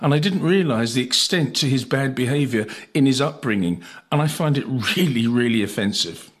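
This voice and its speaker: A man from England hosts a conversational interview and spins out a chatty anecdote with fillers and asides. His pitch is mid-range and ordinary. He talks like a broadcaster at ease. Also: expressive, fairly quick. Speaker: host, broadcaster.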